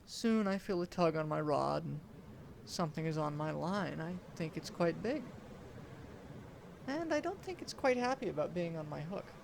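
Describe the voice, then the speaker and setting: A young man narrates a first-person tale in a deliberate, dramatic storytelling delivery. His voice sits a bit high for a man, with a gravelly edge and faint noise behind it. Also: lively intonation. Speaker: student storyteller.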